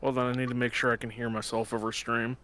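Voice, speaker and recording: Guy on voice chat, backup mic, laid-back, short replies, middle pitch. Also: flat delivery, fast talker, sharp tone, slight background noise. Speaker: guest on voice chat. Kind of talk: casual chat. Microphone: backup mic over voice chat.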